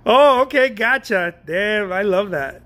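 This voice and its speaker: Brief: middle-aged man, high-pitched, hyped and slangy, chatting loosely while he paints in his studio. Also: breathy edge. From Mexico. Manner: excitable and slangy, laughs often, repeats himself. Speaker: painting instructor. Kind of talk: casual chat while painting.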